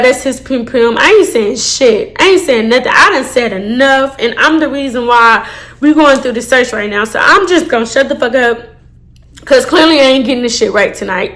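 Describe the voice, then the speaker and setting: A woman telling a casual storytime to her viewers, animated and full of swearing. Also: fairly high pitch. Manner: animated, swears a lot, addresses viewers as y'all. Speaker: storytime vlogger.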